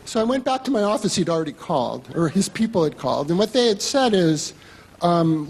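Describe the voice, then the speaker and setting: A man with a high, husky voice tells a live stage story in a wry, self-mocking way, cursing freely. His pitch swings widely, rising and falling through each sentence. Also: very animated, fairly quick, a little mellow, big-room sound. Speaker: magazine writer telling a story on stage.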